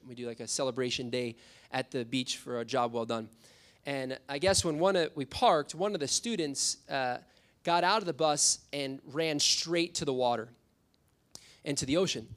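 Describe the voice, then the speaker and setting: A young adult man preaching a sermon as a youth pastor, telling stories with acted-out quotes. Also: fairly high pitch. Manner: storytelling, animated with acted quotes.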